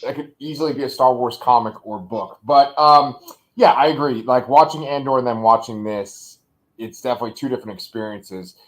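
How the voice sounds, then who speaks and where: A man's voice: mid-range voice, fairly quick, rough recording. A man with a nasal voice co-hosting a casual review podcast in a loose, upbeat, chatty way. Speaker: podcast co-host.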